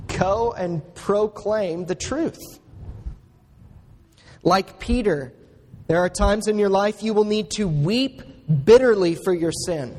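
A man preaching a sermon as a pastor, slow and earnest, pressing each point with emphatic rises. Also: high voice, darkish tone. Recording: long hall reverb.

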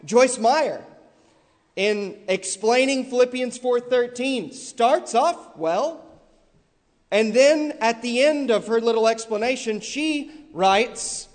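A male preacher delivering a sermon with heavy, repeated emphasis that builds to loud stressed peaks, in a large church hall. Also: very high-pitched, expressive, slow. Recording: long echoey hall reverb.

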